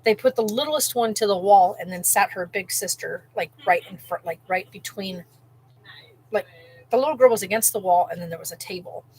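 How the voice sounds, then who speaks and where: A woman vlogger telling a story in a rambling, animated way, full of "like" and restarts, while cooking at home. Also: mid-range voice, a little fast, husky, rough recording. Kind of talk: casual storytelling.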